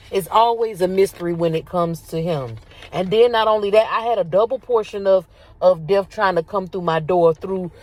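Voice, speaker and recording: A woman, talking casually about faith to her viewers, animated and repetitive, calling them y'all. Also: mid-range voice. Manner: animated, repeats herself, addresses viewers as y'all. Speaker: faith video host. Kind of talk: casual spiritual talk to viewers.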